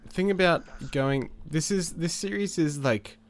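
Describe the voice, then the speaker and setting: A gaming channel host with a stuffed-up cold casually comments on his life-sim game, full of fillers, restarts and chuckles. His voice sits on the high side and is unhurried, recorded on a new desk microphone.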